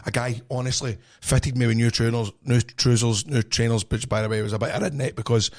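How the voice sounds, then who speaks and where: A man's voice: mid-range voice, steady tone, fairly quick. A Scottish man co-hosting a podcast, telling a story in casual chat with lots of laughter and acted-out quotes. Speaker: podcast co-host.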